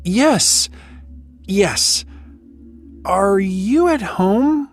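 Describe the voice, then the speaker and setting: A woman's voice: animated, drawn-out words, soft background music. A woman doing an eager young friend. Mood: excited. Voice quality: bright and eager, higher than the narrator. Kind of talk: read-aloud story with acted dialogue.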